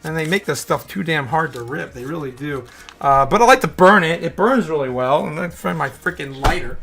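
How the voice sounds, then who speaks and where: A man's voice: a little high, animated, a little fast, gravelly, a bit bright, soft background music. A man hosting a crypto show, talking in a frustrated, rambling rant full of swearing. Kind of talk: casual livestream rant.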